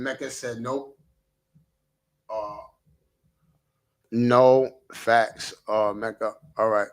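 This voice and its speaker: A man hosting a livestream, rambling in a casual rant, stammering and restarting as he answers chat comments. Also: mid-range voice. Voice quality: gravelly. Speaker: livestream host.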